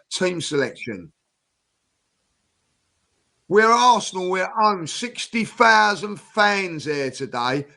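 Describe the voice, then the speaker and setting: A man's voice: high-pitched, creaky, sharp tone. A man ranting indignantly on a football fan panel, firing off rhetorical questions. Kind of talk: heated panel talk.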